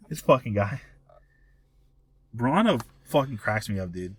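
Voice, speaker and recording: A man's voice: mid-range voice, animated, a little fast, long pauses, slightly rough. A young man co-hosting a casual podcast, rambling and profane, often cutting himself off mid-sentence. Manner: rambling, profane, self-interrupting storyteller. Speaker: podcast co-host. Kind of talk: casual chat.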